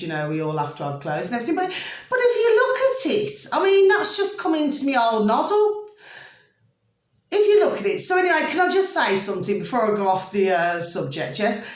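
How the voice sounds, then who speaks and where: A middle-aged woman, talking casually and affectionately to camera at home, rambling and often checking that her viewers follow her. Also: on the low side. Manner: chatty, doting, keeps checking listeners follow. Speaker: vlogger doing readings. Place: indoors at home. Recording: roomy home recording.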